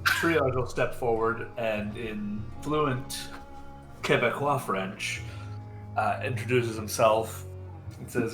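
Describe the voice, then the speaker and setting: A man's voice: mid-range voice, takes it slowly, a bit bright. Man, tabletop player, dry, easygoing, music behind. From Canada. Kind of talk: describing his character in a tabletop game.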